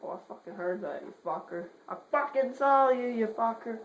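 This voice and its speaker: A woman giving horror game commentary, swearing in rapid repeated bursts and joking while muttering quietly between outbursts. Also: fairly high pitch, lively intonation. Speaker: gamer. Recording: roomy echo, faint hiss.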